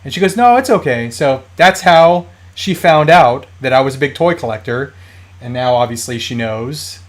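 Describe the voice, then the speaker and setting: A man's voice: mid-range voice, normal speed. A man in his thirties hosting a toy collecting live stream, telling stories in a rambling, casual way with many fillers and restarts.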